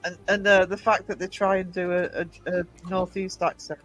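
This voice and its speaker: A man's voice: high voice, level tone, moderate pace, fairly bright tone, faint music behind, rough recording. A man from Northeast England hosting a casual live stream, chatty and greeting his viewers. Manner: chatty, reads out and greets the chat. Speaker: livestream host.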